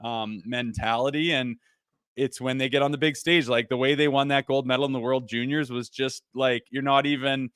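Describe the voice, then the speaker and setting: A man's voice: mid-range voice, fairly even intonation, normal speed, fairly bright tone, clean tone, no room sound, clean studio sound. A man co-hosting a casual sports talk show, blunt and opinionated, swearing freely as he rants. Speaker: podcast co-host.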